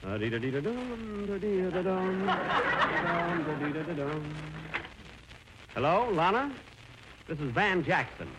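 A conceited aging heartthrob in an old radio comedy, smug and theatrical. His pitch dips and swoops widely. The broadcast hisses throughout. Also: wildly swooping pitch, moderate pace. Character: vain aging glamour boy, man, smug.

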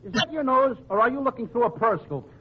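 A man's voice: very high voice, expressive, fast talker. A man doing 1940s radio comedy, a wisecracking comic who talks back in a childlike, indignant way. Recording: lo-fi old radio recording with loud hiss.

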